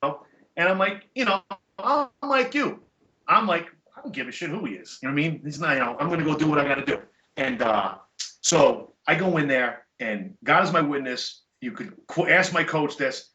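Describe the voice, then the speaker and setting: Middle-aged man, guest on a podcast, bright and fairly high voice, animated and blunt, recorded in an echoey room with dull lo-fi sound. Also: normal speed. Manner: animated, emphatic, blunt with profanity. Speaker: podcast guest, chiropractor and jiu-jitsu black belt. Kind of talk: casual storytelling chat.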